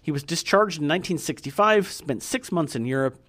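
A man's voice: fairly high pitch, lively intonation, fairly quick, fairly bright tone. A man co-hosting a casual podcast about a film, reading background notes and joking with his co-host. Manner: reads background notes, joking and laughing often.

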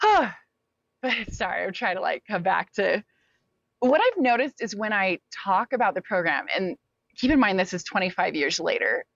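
A talkative woman in her forties recounts her experiences in an interview, animated and quick to act out other voices. Her mid-pitched voice is recorded dry and slightly muffled. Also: vocal fry, no room sound. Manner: animated, talkative, acts out quotes. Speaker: interview guest. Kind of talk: personal storytelling in an interview.

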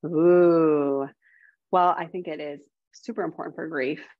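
Low-pitched woman guest, casual rambling talker, heavy on "like", dull dry lo-fi audio. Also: steady tone, a little slow, dry recording. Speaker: guest, developing medium. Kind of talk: casual podcast chat. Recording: dull lo-fi sound.

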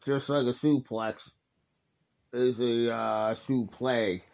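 A man's voice: mid-range voice, fairly even intonation, slow, gravelly, a little mellow, dull audio. A man hosting a casual wrestling watch-along, talking over the match in a rambling, enthusiastic way and correcting himself often.

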